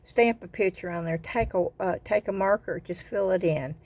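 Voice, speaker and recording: A woman's voice: on the low side, normal speed, darkish tone. An older woman with a Southern US accent, chatting casually in a craft vlog. She rambles and often repeats her words as she goes. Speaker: craft vlogger. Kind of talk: casual chat.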